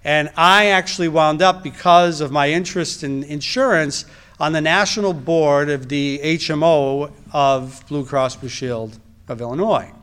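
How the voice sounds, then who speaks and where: Unhurried and fairly high-pitched, his voice clear, resonant, and slightly bright, a middle-aged reproductive endocrinologist recounts a personal testimony conversationally. He tosses in wry asides and keeps restarting his sentences.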